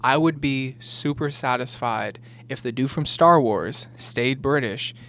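Animated, swearing young man. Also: mid-range voice, a little slow. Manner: animated, profane storytelling with put-on quotes. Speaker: podcast co-host. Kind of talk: casual chat.

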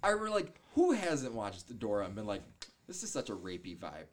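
A man's voice: on the low side, huge pitch swings, moderate pace, a loud crowd. A young man co-hosting in casual chat, easygoing and joking. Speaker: podcast co-host.

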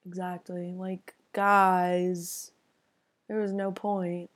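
A woman's voice: fairly low pitch, flat delivery, drawn-out words. A young woman in casual chat, incredulous and often laughing. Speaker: friend in conversation.

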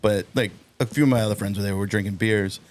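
A man's voice: on the low side, fast talker. A man in his forties, a firefighter and army veteran, telling a story on a podcast and acting out the dialogue as he goes. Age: 40s. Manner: animated storyteller who acts out quoted dialogue. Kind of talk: casual podcast chat, storytelling.

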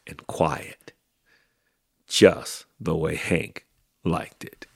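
A man hosting a podcast, reading a children's book aloud in a slow, expressive storytelling manner. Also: low-pitched, vocal fry, slightly rough, no room sound. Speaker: podcast host.

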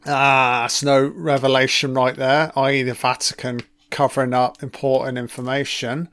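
A man's voice: medium pitch, flat delivery, moderate pace, a bit bright, no room sound. A man giving a casual first-watch film commentary, reacting with profane, sarcastic remarks.

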